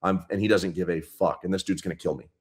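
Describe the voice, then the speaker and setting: Blunt, profane man with a very deep voice. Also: steady tone, fast. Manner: blunt, profane, intense retelling. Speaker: police sergeant guest. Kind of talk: casual storytelling interview.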